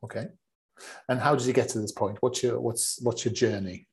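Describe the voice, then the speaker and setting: A man's voice: medium pitch, steady tone, moderate pace, gravelly. Chatty man hosting a podcast. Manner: upbeat, chatty, effusive. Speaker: podcast host. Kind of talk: podcast interview.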